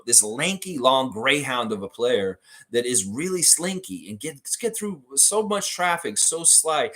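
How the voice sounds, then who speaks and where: A man's voice: medium pitch, fairly bright tone. A man hosting a casual basketball livestream, talking at length with enthusiasm and reading viewer comments aloud. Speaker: sports livestream host.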